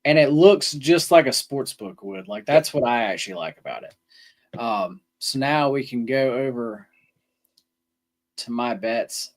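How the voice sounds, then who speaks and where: Brief: easygoing male co-host, mid-pitch, casual and loose. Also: animated, a little slow. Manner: casual, rambling, many ums and restarts. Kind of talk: sports betting podcast chat.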